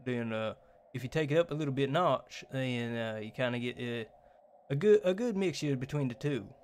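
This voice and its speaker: A man's voice: mid-range voice, lively intonation, moderate pace, darkish tone, slight background noise. A man streaming a game, reading its text aloud and answering viewer chat in a rambling way with many fillers and restarts. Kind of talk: casual live-stream chat while playing.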